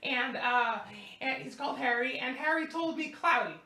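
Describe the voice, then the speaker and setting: A woman's voice: sits high, normal speed. A young woman singer-songwriter chatting casually between songs on a live stream, rambling and laughing at herself. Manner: giggly, rambling, self-deprecating. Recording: echoey room with guitar.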